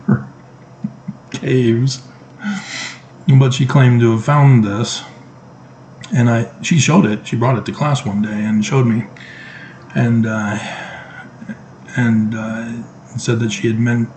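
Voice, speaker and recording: A man's voice: medium pitch, darkish tone, low-quality recording. Man, middle-aged, casual vlog monologue, emphatic, sarcastic, faint background hiss. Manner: emphatic, sarcastic, rhetorical questions. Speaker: vlogger.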